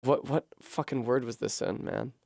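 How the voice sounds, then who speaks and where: A man streaming a game from home, working through a puzzle out loud at a desk microphone with frequent swearing and frustration. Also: medium pitch, moderate pace, creaky, dry recording, clean studio sound. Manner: profane, puzzling aloud, frustrated. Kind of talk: live-streamed gameplay commentary.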